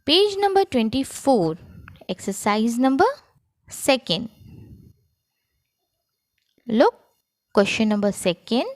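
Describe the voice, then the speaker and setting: Female school teacher with an Indian English accent, slightly high voice, slow and deliberate lesson delivery, dry close recording. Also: big pitch swings, no room sound. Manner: slow, sing-song classroom delivery. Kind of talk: recorded grammar lesson for children.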